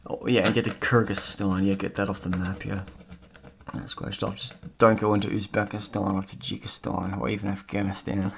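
A man's voice: on the low side, flat delivery, moderate pace, creaky, background noise. A man vlogging casually as he scratches off a map, rambling and chatty with lots of fillers. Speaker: travel vlogger.

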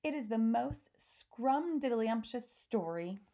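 A woman voicing a big, gentle male giant who speaks in mangled, made-up grammar, reading aloud from a storybook. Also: fairly high pitch, lively intonation, slow pace, pitched above the performer's own voice. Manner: gentle, ungrammatical, invents odd words.

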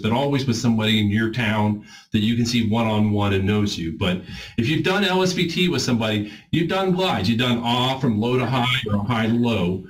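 A man leading a group voice warm-up class in an informal, encouraging coaching way. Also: medium pitch, poor audio. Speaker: voice exercise instructor.

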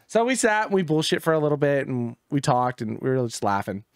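A young man co-hosting a podcast, telling work stories in casual chat, animated, laughing often and swearing freely. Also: mid-range voice, fairly quick, clean tone, no room sound, clean studio sound. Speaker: podcast co-host.

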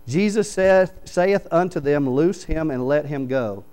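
Lively pastor preaching. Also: male voice, fairly high pitch, takes it slowly, poor audio. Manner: animated storyteller, reads scripture aloud then explains it. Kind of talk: sermon. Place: church sanctuary.

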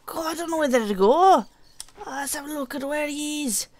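High, lively sweary woman gamer. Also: moderate pace. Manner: sweary, chatty, mock pirate lilt. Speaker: gaming channel host. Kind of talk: let's play commentary.

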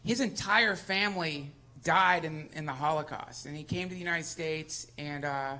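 A man guesting on a live comedy podcast, ranting excitedly and swearing a lot, sometimes building to shouts. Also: on the high side, normal speed. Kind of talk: casual comedic chat on a live show. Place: live venue on stage.

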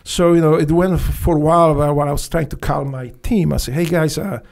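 Middle-aged Polish ex-soldier guest with an accent, gravelly voice, animated storyteller who swears. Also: male voice, fairly high pitch, fast. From Poland. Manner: animated, swears freely, acts out dialogue, laughs often. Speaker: podcast guest, former Navy SEAL. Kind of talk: storytelling in a casual interview.

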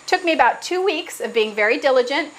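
A woman's voice: high-pitched, expressive, brisk, poor audio. A middle-aged woman, an animal trainer, patiently explaining parrot training with examples over a video call. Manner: earnest, patient, example-driven.

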